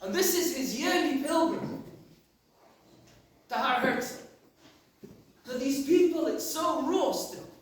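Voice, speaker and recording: A man's voice: very high-pitched, slow, pauses often. Man preaching, rabbi telling stories, sounds far off in a big echoey synagogue, faint noise. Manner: storytelling, emphatic and reflective. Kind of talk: sermon. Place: large synagogue hall.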